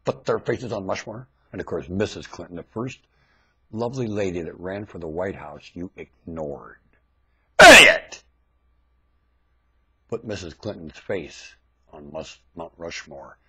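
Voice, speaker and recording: A man rants into a webcam mic in a husky voice at normal speed, swinging from low muttering to sudden shouted outbursts. The highs are cut off.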